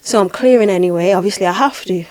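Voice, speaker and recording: A woman hosting a podcast, telling a spiritual experience in a lively, dramatic way with repeated phrases. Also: mid-range voice, fast talker, dry recording. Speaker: podcast host and spiritual healer. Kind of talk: casual podcast storytelling.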